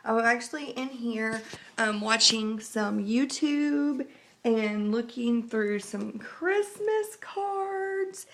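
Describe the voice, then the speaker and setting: A woman's voice: expressive, slow pace. A young woman, vlogging casually while getting over the flu, rambling and chatty. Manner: chatty, rambling, acts out quotes in a high voice. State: recovering from flu. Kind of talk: casual vlog chat.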